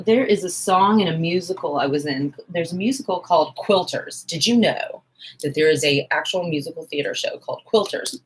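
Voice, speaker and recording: A woman's voice: lowish voice, a little hiss or hum, low-quality recording. A woman in her forties, hosting a casual live stream at home, chatting with viewers and joking at herself while she sews. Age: 40s. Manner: chatty, self-mocking, talks to viewers while working. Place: home sewing room, indoors, fan running.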